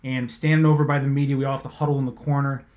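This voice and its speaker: A man, a sports reporter, casually telling an animated, swear-laced story about his job. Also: mid-range voice, very fast, highs cut off. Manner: animated, conversational, swears freely.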